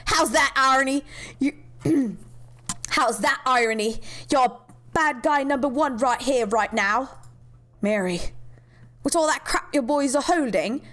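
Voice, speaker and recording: A woman's voice: high-pitched, animated, measured pace, fairly bright tone. A woman voicing a stern female police officer with an American accent, scolding and sarcastic in a game cutscene.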